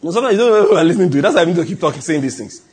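Male pastor, middle-aged, husky tone, emphatic sermon delivery. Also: on the high side, expressive, very fast, darkish tone. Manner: emphatic, repetitive preaching with acted quotes and chuckles.

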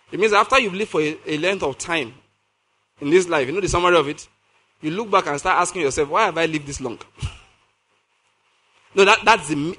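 A male preacher with a high, bright, ringing voice. He reads scripture slowly and repeats key words for emphasis. He keeps checking in with his listeners. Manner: emphatic, repeats key phrases, asks the audience questions. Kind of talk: sermon reading and explaining scripture.

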